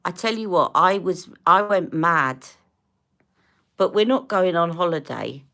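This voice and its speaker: A woman's voice: lowish voice, bright, forceful tone. A woman in her fifties chatting casually as a beauty live-stream host, rambling while answering viewers' comments and putting on makeup.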